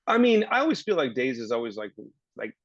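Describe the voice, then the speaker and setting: A man's voice: medium pitch, very animated, fast, a bit bright, no echo, lo-fi sound. A man in his thirties, a guest actor on a casual podcast, telling rambling stories and acting out his own past remarks.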